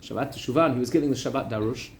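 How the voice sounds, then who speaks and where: A man, a rabbi, telling a story in a lively Torah lesson, repeating words for emphasis. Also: mid-range voice, racing, slight background noise. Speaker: rabbi teaching a weekly class.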